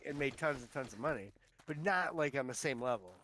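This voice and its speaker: A man's voice: medium pitch, lively intonation, a little fast, pushed and bright, slight background noise. A man chatting casually while gaming, rambling and teasing his friend with lots of filler words over voice chat. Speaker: streamer. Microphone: online voice chat.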